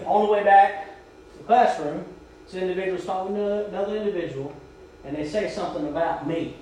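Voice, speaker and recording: A man's voice: high voice, slight background noise. A man preaching a sermon, telling a story and urging his congregation. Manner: storytelling, shouting quoted drill commands. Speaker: pastor. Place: church sanctuary. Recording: echoey church from far off.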